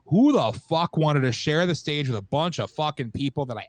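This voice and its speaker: A man's voice: fairly high pitch, lively intonation, brisk, no echo. Bitter, sarcastic man co-host. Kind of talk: casual podcast chat.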